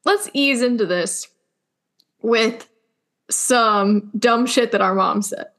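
A woman's voice: a little high, takes it slowly, fairly bright tone. A young woman co-hosting a podcast, chatting casually with a sarcastic, teasing manner. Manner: chatty, sarcastic, mocks family in quoted voices. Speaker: podcast co-host. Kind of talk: casual chat.

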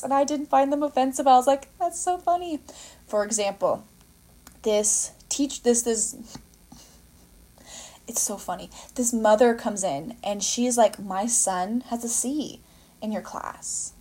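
A young woman talks through a movie on her solo podcast in a loose, rambling way. She fills her speech with "like" and "you know," corrects herself mid-sentence, and briefly slips into the voices of the people she quotes. Her pitch sits in the ordinary middle range. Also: darkish tone. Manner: chatty and rambling, frequent fillers and self-corrections, acts out quotes. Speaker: podcast host. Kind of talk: casual solo podcast chat about a movie.

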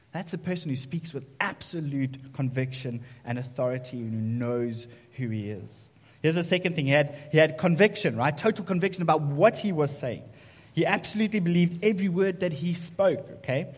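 A man's voice: a little high, normal speed. A man preaching a conversational sermon as pastor, often checking in with "right?". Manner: conversational, keeps asking "right?". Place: church sanctuary. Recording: echoey church hall reverb.

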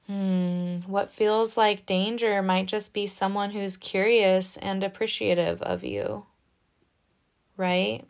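A woman gives a casual tarot reading at an ordinary mid pitch. She talks gently and reassuringly, with a chatty flow full of little asides and check-ins. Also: little pitch movement, takes it slowly, vocal fry. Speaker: tarot reader.

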